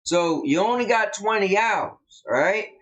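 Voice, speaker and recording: A man's voice: sits high, animated, measured pace, fairly bright tone, highs cut off. A man with a Southern US accent co-hosting a casual live stream, drawling and emphatic as he tells a story. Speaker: co-host.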